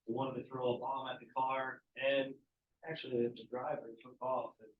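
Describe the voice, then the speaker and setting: A man's voice: mid-range voice, flat delivery, normal speed, slight background noise. A male teacher giving a casual history lecture to a class, asking students questions as he goes. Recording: echoey, distant, muffled classroom recording.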